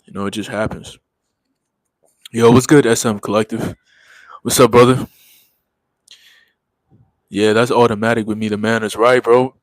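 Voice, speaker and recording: A man's voice: fairly low pitch, little pitch movement, normal speed, long pauses, dry recording, rough recording. A man in his thirties chatting casually with viewers in a laid-back, slangy way, repeating phrases as he goes. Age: 30s. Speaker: livestream host.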